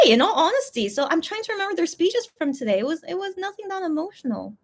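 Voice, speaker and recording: A woman's voice: very high voice, big pitch swings, fast, few pauses. A young woman hosting a casual livestream, rambling and hesitant with many fillers, emotional and close to tears. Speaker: livestream host reading fan messages.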